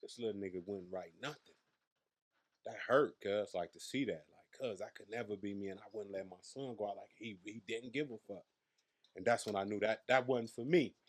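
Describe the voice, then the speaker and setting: A man's voice: on the low side, brisk. Cocky foul-mouthed comedian guy from vegas, 30s, just talking his stories in an interview. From Las Vegas, USA. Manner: brash, profane, boastful storyteller. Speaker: comedian guest. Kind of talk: casual storytelling interview.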